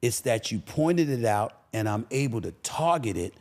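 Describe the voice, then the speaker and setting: A man talking as a podcast guest, an animated, emphatic storyteller who repeats phrases for punch. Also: medium pitch, moderate pace. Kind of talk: casual interview talk.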